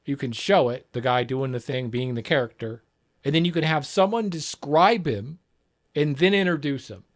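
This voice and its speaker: Male streamer, rambling casual chat, lots of swearing, slightly high voice. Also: moderate pace. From not Britain. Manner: rambling, profane, reacts and repeats lines. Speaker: livestream host.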